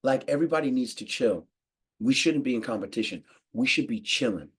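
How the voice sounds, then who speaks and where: American dude riffing casually, lots of slang, laughing a bunch, mid-pitched voice. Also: male voice, brisk, breathy edge. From United States. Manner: slangy, animated, laughs often. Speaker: podcast host. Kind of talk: casual monologue.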